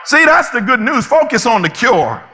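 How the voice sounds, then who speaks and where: High, bright-voiced preacher shouting a sermon. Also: male voice, very animated, moderate pace, big-room sound. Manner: impassioned preaching, often shouting. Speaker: pastor.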